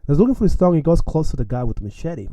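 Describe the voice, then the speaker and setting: A young man telling a story from his own life in a casual, animated way, with slang and frequent chuckles. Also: on the high side, very fast, dry recording.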